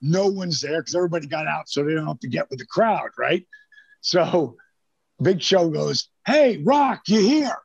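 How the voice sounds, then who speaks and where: A man's voice: fairly high pitch, normal speed, gravelly, breathy edge, no room sound, highs cut off. An older man telling rambling, profane anecdotes in casual chat, acting out the lines of the people in his stories. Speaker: storyteller guest.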